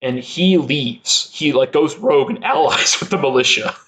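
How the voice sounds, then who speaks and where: A young man in casual podcast chat, rambling with constant filler words and frequent laughter. His voice sits at a middling pitch. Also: normal speed, fairly bright tone, slight background noise. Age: young adult. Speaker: podcast guest.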